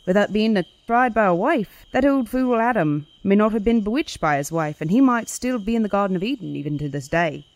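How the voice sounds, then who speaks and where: A woman's voice: mid-range voice, lively intonation, fairly quick, hardly any pauses, dry recording, close to an everyday voice, rough recording. A woman reading a scornful bachelor farmer. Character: grumpy young bachelor farmer, scornful of women.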